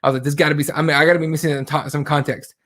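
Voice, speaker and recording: A man co-hosting a casual show, ranting with heat and plenty of swearing, slipping into impressions of the people he quotes. His voice sits a little higher than most men's. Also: level tone, racing, a bit bright. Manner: heated and profane, mimics voices while retelling. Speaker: podcast co-host. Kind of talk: casual chat about current events.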